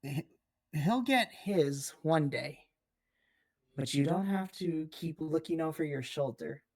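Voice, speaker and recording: A game master voicing a gentle, reassuring aunt who mothers a younger man in a tabletop game. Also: mid-range voice, expressive, slow. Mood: gentle, soothing. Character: warm motherly aunt, older woman. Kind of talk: tabletop role-play character voice.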